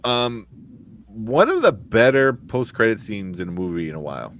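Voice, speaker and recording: Brief low-pitched male co-host, rambling casual recap, faint background noise. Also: very animated, moderate pace, fairly bright tone. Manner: rambling recaps with acted-out quotes. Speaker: podcast co-host. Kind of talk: casual chat.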